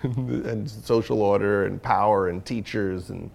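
A man's voice: fairly low pitch, steady tone, a little slow, gravelly. A man talking candidly in an interview as the guest, rambling with many fillers and restarts. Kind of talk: casual interview conversation.

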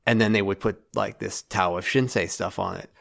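Gravelly-voiced podcast co-host, wry. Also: low-pitched, fairly even intonation, moderate pace. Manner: dry, wry humor. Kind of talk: casual podcast chat.

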